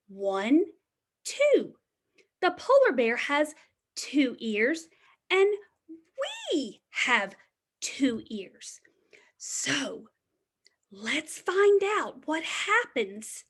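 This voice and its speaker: A woman's voice: high-pitched, sing-song. A woman teaching preschoolers, reading a picture book aloud in a sing-song, exaggerated storytime voice with whispered asides. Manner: slow, exaggerated storytime delivery.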